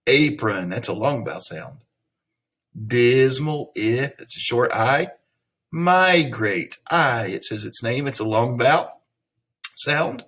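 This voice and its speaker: A man's voice: medium pitch, animated, a bit bright, breathy edge. A man teaching an online reading lesson, patiently sounding out words and repeating the patterns. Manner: patient, repeats patterns slowly, thinks aloud.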